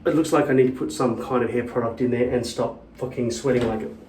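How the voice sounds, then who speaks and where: A man's voice: medium pitch, fairly even intonation, quick pace, darkish tone, slight background noise. A man vlogging in casual chat, rambling and swearing as he rants. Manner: rambling, profane and ranting. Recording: echoey room, mic at a distance.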